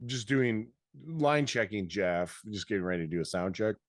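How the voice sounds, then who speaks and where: A man's voice: fairly low pitch, lively intonation, normal speed, dry recording, clean studio sound. A man from Michigan, co-host of a podcast, telling a rambling anecdote in casual chat and acting out the quotes.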